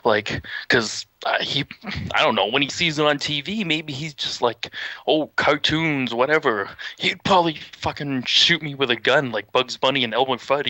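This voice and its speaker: A young man casually telling a story, animated and swearing, acting out what people said with sudden shouts. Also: mid-range voice, dry recording, low-quality recording.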